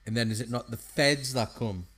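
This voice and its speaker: A man's voice: medium pitch, normal speed, fairly bright tone. A man, co-hosting a casual film chat, bantering and finishing his friend's sentences. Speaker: podcast co-host. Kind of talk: casual chat about films.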